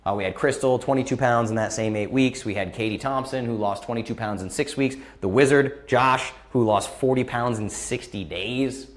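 A man's voice: medium pitch, normal speed, hardly any pauses. A man in his thirties hosting a live question-and-answer stream, talking bluntly and passionately and repeating phrases for emphasis. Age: 30s. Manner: impassioned, emphatic, gets worked up. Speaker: host of a live Q&A. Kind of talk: live-stream motivational talk.

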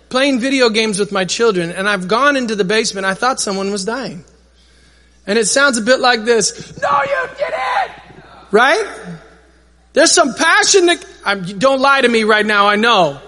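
A man preaches in a large church hall, his high, bright voice ringing out with long reverb. He keeps the congregation involved, asking them to repeat words back to him. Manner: energetic, calls for crowd responses. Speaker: pastor. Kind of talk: sermon.

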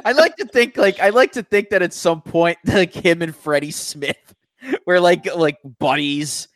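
Man, high pitch, rambling comedic riff, hesitant, dry recording. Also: a little slow, fairly bright tone, dry recording. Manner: rambling, hesitant, full of "like" and restarts, riffing. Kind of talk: casual comedic chat.

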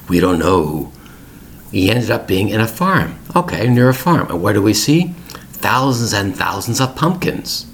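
A middle-aged man with a lowish voice hosts a podcast for English learners. He tells a family story in plain, repeated phrases, and his pitch swings widely. A faint noise sits under his voice. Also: gravelly, a bit bright.

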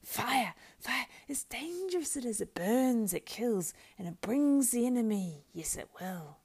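A woman's voice: fairly high pitch, sing-song, darkish tone, slightly rough, pitched above the performer's own voice, exaggerated voice. Gollum, as a woman voices a hissing whiny creature. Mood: whining. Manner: drawn-out, pleading, lisping wheedle. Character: wretched hissing male creature, whining and sly. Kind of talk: audiobook character voice.

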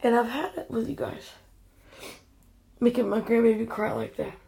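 Older woman, gravelly, mellow, angry scolding vlog rant. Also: on the high side, fairly even intonation, moderate pace. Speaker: grandmother vlogger. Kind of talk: angry direct-to-camera rant. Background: quiet house at night.

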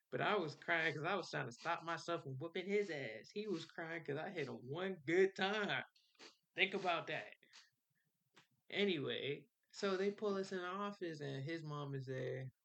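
A man's voice: on the high side, moderate pace, vocal fry, a bit bright, highs cut off. A young man hosting a podcast, telling a personal story in casual slang, swearing and laughing as he goes. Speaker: podcast host.

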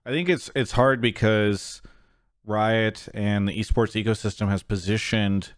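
Young male host, smooth low voice, measured delivery. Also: fairly even intonation, dry recording, studio quality. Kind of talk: casual esports discussion.

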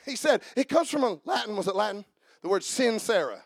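A pastor with a high, sing-song voice delivers a brisk sermon with no echo in the audio. He weaves in stories, hammers phrases through repetition, and shifts between hushed remarks and impassioned shouting.

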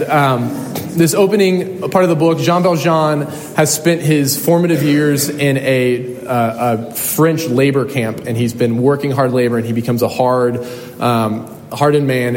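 A man's voice: medium pitch, a little mellow. A young adult man preaching a sermon as a pastor, telling a story earnestly with frequent ums and restarts. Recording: echoey hall, faint noise.

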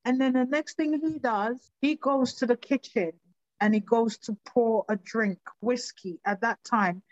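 A woman giving halting, emotional personal testimony in an interview. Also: fairly high pitch, no room sound, lo-fi sound. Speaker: interview guest.

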